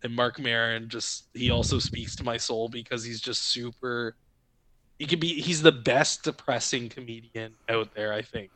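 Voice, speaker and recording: A man co-hosting a casual podcast, talking in a relaxed, rambling way. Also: medium pitch, normal speed, no room sound, low-quality recording. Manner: relaxed, rambling, many fillers. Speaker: podcast co-host. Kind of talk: casual chat.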